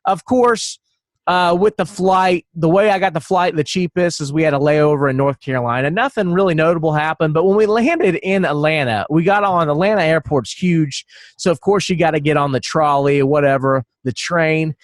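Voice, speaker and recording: Profane, rambling podcast man with a higher voice. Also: normal speed, no echo, clean studio sound. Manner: rambling, profane storytelling with frequent laughs. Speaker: podcast co-host. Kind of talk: casual podcast chat.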